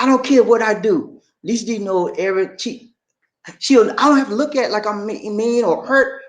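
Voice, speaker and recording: A man's voice: very high-pitched, moderate pace, a bit bright. A man giving relationship advice to camera in an emphatic, preachy way, repeating himself and often calling his listeners "man". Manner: emphatic, repetitive, keeps saying "man". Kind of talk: preachy motivational talk to camera.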